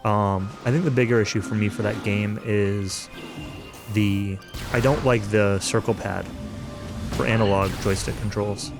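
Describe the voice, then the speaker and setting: A man with a lowish voice chats his way through a game session, hedging and circling back on his own points. His humor stays dry and self-aware. Game music plays clearly under his voice. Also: steady tone, a little slow. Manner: rambling and hedging, with frequent fillers. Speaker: let's-play streamer. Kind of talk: casual gameplay commentary. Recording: game music playing behind the voice.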